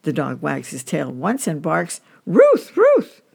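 A woman's voice: low voice, unhurried, vocal fry, slightly rough. A woman hosting a podcast, telling dog jokes in a chatty, amused way. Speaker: host.

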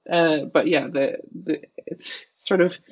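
Higher-voiced man with a dull lo-fi sound. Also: slightly rough. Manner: hesitant, thinks aloud with many "uh" and "like". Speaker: podcast co-host. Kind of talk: casual chat.

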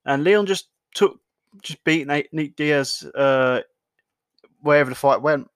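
A young man hosts a podcast with casual solo commentary, swearing a lot and often restarting sentences in loose talk. His voice is slightly high, clear, and resonant, with a measured pace and no room sound.

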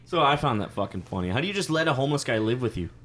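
Joking young man, very lively pitch. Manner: crude, joking, quick to laugh. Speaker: podcast co-host. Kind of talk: casual chat. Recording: noisy podcast recording.

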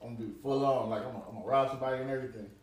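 A man's voice: medium pitch, racing, distant mic, crowd noise. Laughing man joking off-mic in an echoey room. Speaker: podcast co-host. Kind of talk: casual banter.

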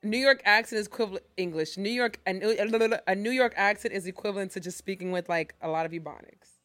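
A woman's voice: medium pitch, fairly quick, a bit bright, dry recording, soft background music. Playful, slangy young woman. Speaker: podcast co-host. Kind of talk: casual chat.

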